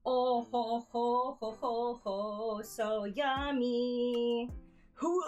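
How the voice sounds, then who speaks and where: A woman's voice: steady tone, very slow, a little mellow, highs cut off, soft background music. A woman streamer chatting casually from her home setup, cooing at her cats and chatting cheerfully with viewers. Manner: coos at her cats in a high playful voice. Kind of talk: casual livestream chat.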